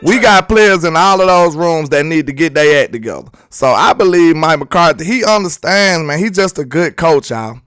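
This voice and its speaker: A man's voice: a little high, lively intonation, moderate pace, few pauses, a bit bright, clean tone, no room sound, soft background music. A young man from Alabama with a Southern US accent, hosting live sports talk in a loose, joking, slangy way while reading viewer chat.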